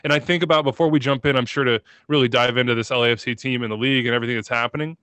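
A man co-hosting a podcast, talking about soccer in a passionate, excitable and emotional way, rambling as he goes. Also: mid-range voice, very fast, dry recording. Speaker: podcast co-host.

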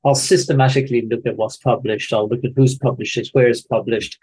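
A man in his forties with an Irish accent, a podcast guest who talks in a measured, explanatory way. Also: medium pitch, fairly even intonation, darkish tone, slightly rough. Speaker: guest researcher. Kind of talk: podcast conversation. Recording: faint music behind.

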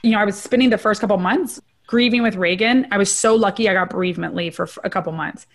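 A middle-aged woman, a trauma researcher, candidly telling her personal story as a guest in an interview and often checking in with a quick "right?". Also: mid-range voice.

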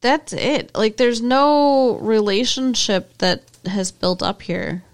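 Gravelly-voiced woman podcast co-host. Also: on the high side, lively intonation, slow. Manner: laughs often, questions co-host's takes. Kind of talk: casual TV episode recap chat.

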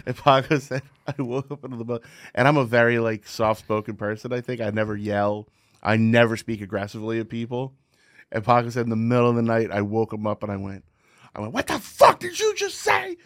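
A man's voice: mid-range voice, fairly quick, no echo, studio quality. A man co-hosting a comedy podcast, telling stories in casual chat and acting out what people said. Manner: animated storyteller, acts out quotes. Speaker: podcast co-host.

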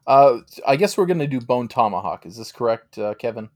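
A man's voice: mid-range voice, lively intonation, a little fast. A man co-hosting a casual sports podcast, laid-back and joking. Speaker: podcast co-host.

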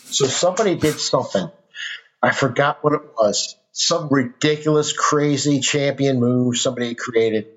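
A man's voice: medium pitch, moderate pace, fairly bright tone. A middle-aged man, a podcast guest, telling a personal story in casual conversation, earnest and rambling with restarts. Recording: dull lo-fi sound.

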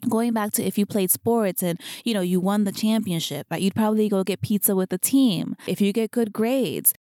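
Mellow-voiced woman podcast host. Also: mid-range voice, normal speed, no echo, clean studio sound. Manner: earnest, heartfelt, chatty with frequent "you know". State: emotional, near tears. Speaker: podcast host and fitness coach. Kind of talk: casual solo podcast talk. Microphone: studio podcast microphone.

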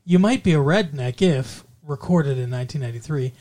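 A man's voice: on the high side, brisk, warm tone. A male podcast co-host chatting casually about the news, rambling with many fillers and restarts, and cracking sardonic jokes.

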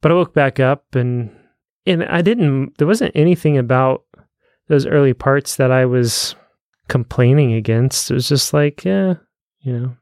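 A man with a middle-pitched, smooth, clear voice talks through his views in an easygoing way, with pauses and restarts. The recording is dry and close. It sounds like a laid-back podcast chat. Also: darkish tone, no room sound. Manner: easygoing, hesitant, rambling. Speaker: podcast co-host. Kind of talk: casual film discussion.

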